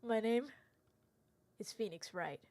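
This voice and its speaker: A woman voicing an earnest young male rookie lawyer, reading his game narration in a low, quiet, sincere voice. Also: slow, no echo. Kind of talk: reading game narration aloud while streaming.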